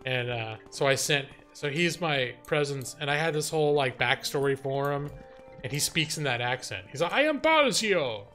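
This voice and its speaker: A man's voice: medium pitch, moderate pace, soft background music. A young man hosting a live game stream, chatting casually, laughing and reading his chat aloud. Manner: animated, laughing, reads chat and jokes aloud.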